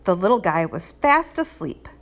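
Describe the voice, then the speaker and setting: A woman reading a children's picture book aloud in an expressive, lilting storytelling way. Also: fairly low pitch, normal speed. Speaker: read-aloud host.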